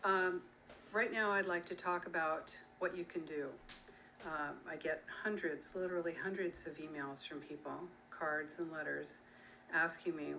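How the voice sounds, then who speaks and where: A woman's voice: low-pitched, moderate pace, pushed and bright, a little hiss or hum, rough recording. A middle-aged woman, an author and activist, speaking earnestly and emphatically straight to her listeners. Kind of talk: direct-to-camera talk.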